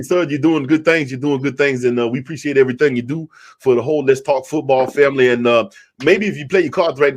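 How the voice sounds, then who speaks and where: A man co-hosting a podcast in casual chat, telling a rambling story with many restarts. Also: medium pitch. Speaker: podcast co-host.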